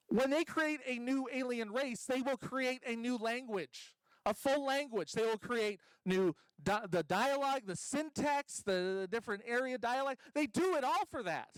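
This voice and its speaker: A man's voice: extremely high pitch, fairly bright tone, clean tone, no echo, rough recording. A man doing a stand-up comedy set at a convention stage, rambling and self-deprecating, full of ums and restarts.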